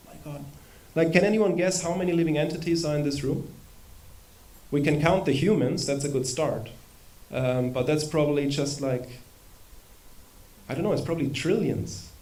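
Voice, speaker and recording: A man's voice: a little high, moderate pace, mellow. A man giving an informal spiritual lecture to a live audience in a temple hall. He talks conversationally, with humorous asides and rhetorical questions.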